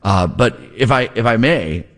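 A man in his forties hosts a live radio call-in show. He reads the sponsor copy loosely and jokes as he goes. His voice sits at a middling pitch. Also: animated, unhurried, a bit bright. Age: 40s. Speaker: radio host. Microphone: studio microphone.

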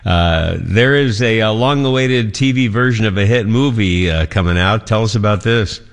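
A man hosting a radio show, prompting his reporter in a relaxed way. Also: lowish voice, normal speed. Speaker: radio host. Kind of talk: radio talk show chat.

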